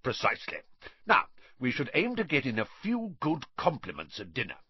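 A man's voice: mid-range voice, huge pitch swings, normal speed, breathy edge, no room sound, muffled recording, voice pushed up. A man reading a story aloud, voicing a nasty, bossy middle-aged uncle who barks orders and snarls.

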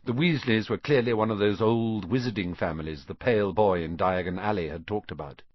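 A man narrating a storybook audiobook with an expressive, animated reading. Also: fairly low pitch, brisk, no echo, dull audio.

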